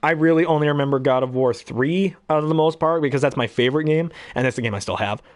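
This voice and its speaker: A man with a slightly high voice talks at a quick pace, recorded at studio quality without echo. This hobby voice actor chats aimlessly about voices he enjoys between impressions, full of ums and throat-clearing.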